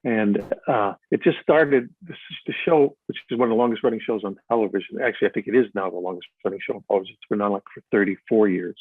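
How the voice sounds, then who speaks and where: A husky, breathy-voiced older man rambles through stories in a live interview, restarting his sentences and stacking up fillers. The sound is tinny and phone-like, and dry, with no room echo. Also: lowish voice, quick pace. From Chicago. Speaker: actor being interviewed. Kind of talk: live stage interview, storytelling.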